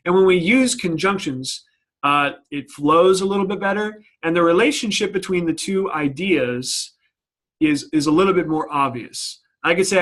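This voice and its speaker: A man's voice: a little high, normal speed, fairly bright tone. A young adult man teaching a grammar lesson, explaining step by step with frequent restarts and ums.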